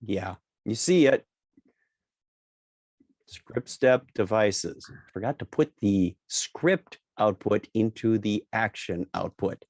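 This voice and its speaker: A man co-hosting a casual software tutorial, walking through a screen-share with wry jokes and emphatic repetition. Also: fairly low pitch, slow pace, no echo. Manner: joking, repeats key points with emphasis. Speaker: co-host presenting a software demo.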